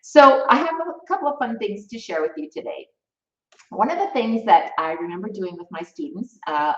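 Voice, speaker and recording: A woman teaching music theory in a live stream, chatty and encouraging, reading out viewers' comments as she goes. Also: mid-range voice. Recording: roomy, distant, slightly dull mic.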